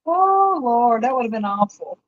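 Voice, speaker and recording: A woman telling a funny story in a slow, laughing way during a casual chat. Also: a little high, sing-song, no echo, narrow, tinny audio. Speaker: group chat participant.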